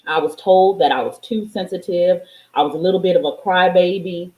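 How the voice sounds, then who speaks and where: A woman with a lowish, darkish voice speaks fairly quickly in an echoey room, giving a fervent, preachy spiritual monologue laced with swearing. She's a spiritual vlogger, and she's on the verge of tears.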